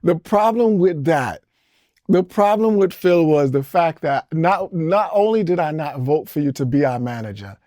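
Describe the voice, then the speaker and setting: An interview guest in his forties, a Caribbean-born man, tells stories casually, wandering from topic to topic and breaking into chuckles. His voice sits fairly high with a darkish tone, animated and at normal speed, captured in studio quality with no room sound.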